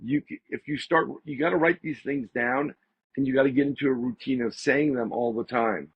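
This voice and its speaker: A man, a podcast guest, telling a story in a casual, animated way and repeating phrases for emphasis. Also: mid-range voice, a little fast, slightly rough, dry recording. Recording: slightly dull lo-fi audio.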